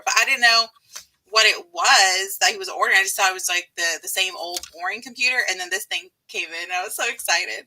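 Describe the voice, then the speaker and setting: Bubbly woman host, light Southern accent, very bright and rather high voice, giggly live-stream chat. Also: animated, moderate pace, low-quality recording. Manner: bubbly, laughs often.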